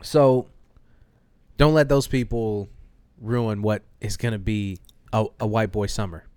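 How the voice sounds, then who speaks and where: A man co-hosting a podcast in casual chat, animated and laughing often, his voice leaping up when he gets indignant. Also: on the low side, unhurried, smooth, no room sound. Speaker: podcast co-host.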